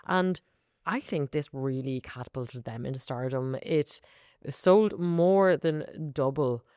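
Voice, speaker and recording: A woman co-hosting a music podcast, chatting casually in quick bursts. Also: low voice, darkish tone, smooth, no room sound, clean studio sound. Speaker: podcast co-host. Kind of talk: casual chat about music.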